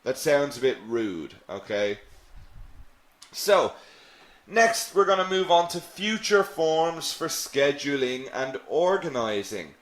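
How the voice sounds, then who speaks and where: A male English teacher leads a live online lesson and answers viewers' questions as they come in. He talks slowly and patiently, repeating phrases so they sink in. His voice carries some echo from the room. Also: a little high, big pitch swings. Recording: echoey room.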